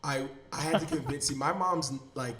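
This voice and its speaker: A man's voice: mid-range voice, normal speed, a bit bright. A man hosting a podcast in casual chat, enthusiastic and rambling with slang. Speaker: podcast host.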